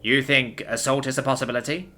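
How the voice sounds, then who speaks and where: A man's voice: mid-range voice, steady tone, fast, bright, forceful tone, lightly acted. A man voicing a curious, easily alarmed female alien diplomat in an audiobook.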